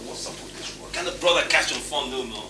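A man's voice: mid-range voice, fast, close to an everyday voice. An actor playing a spoiled, defiant young man who talks back to his father in slangy swagger, with a Nigerian accent. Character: spoiled young billionaire's son. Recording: noisy room.

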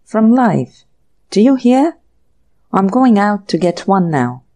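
An irritable young male author, read by a woman in an audiobook mutters to himself in brisk, exasperated bursts. The voice stays close to the reader's own, warm and mellow in tone, and only lightly shaded for the character. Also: medium pitch, expressive, close to an everyday voice. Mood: bewildered, exasperated.

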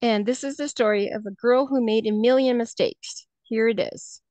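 A woman's voice: fairly high pitch, steady tone, normal speed, warm tone, dry recording. A woman who teaches third grade, presenting a lesson in a workshop, talking hesitantly with many fillers and restarts, heard over a video call.

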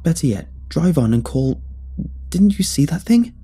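A man's voice: on the high side, sing-song, moderate pace, mellow, husky, faint music behind, pitched above the performer's own voice. A man voicing a frightened male bus passenger who urgently pleads with the others in a narrated horror story. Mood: pleading.

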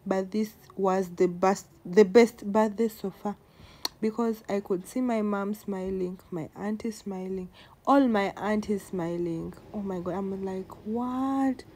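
Young woman vlogging, gets emotional, repeats stuff for emphasis, mid-pitch voice. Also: a little slow, dark tone. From Uganda. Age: 20s. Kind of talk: casual vlog talk to camera.

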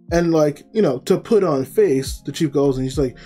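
A man casually recaps an anime episode, rambling and often correcting himself mid-sentence. His voice is mellow and relaxed. Faint music runs underneath. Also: a little high, brisk, hardly any pauses. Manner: rambling, with many fillers and self-corrections. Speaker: anime reviewer.

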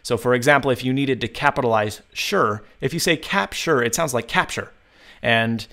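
Young male tech host, upbeat tutorial voice, mid pitch, slows way down to dictate commands. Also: pushed and bright.

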